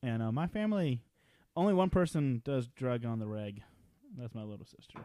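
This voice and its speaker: A man's voice: mid-range voice, sing-song, normal speed, dark tone, no room sound. A man co-hosting a podcast in casual chat, making dry sarcastic quips. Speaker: podcast co-host.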